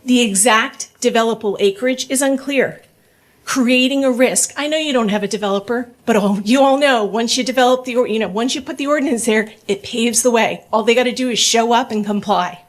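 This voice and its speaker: A woman's voice: on the high side, brisk. A middle-aged woman giving public comment at a borough council meeting, polite but urgent, mixing a prepared statement with off-the-cuff appeals. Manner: earnest, polite, urging, reads prepared points then speaks off the cuff.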